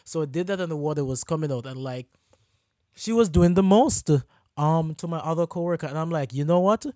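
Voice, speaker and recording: Male podcast co-host, lively ranter, higher-pitched voice, dry close sound. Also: a little fast, dry recording. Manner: animated ranting storyteller, mimics rude customers. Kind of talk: casual podcast chat.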